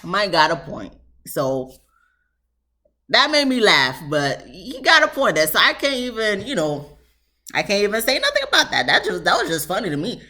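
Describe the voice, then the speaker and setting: Woman, casual show review, lively swooping pitch, lots of fillers. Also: normal speed. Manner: chatty, animated, lots of "you know" fillers.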